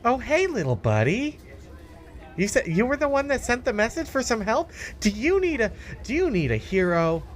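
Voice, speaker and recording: A woman's voice: a little high, sing-song, brisk, few pauses. A woman playing a character in a tabletop game, playful and joking. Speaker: player.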